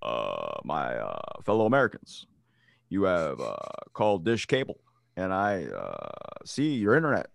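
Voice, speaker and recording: Here is a deep, slow, halting male president with long pauses between words, as a podcast host does an impression. He sounds grave and formal. The voice is dry, with no room sound. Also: wildly swooping pitch, vocal fry, no echo, exaggerated voice. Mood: solemn. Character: slow, halting middle-aged male president giving an address.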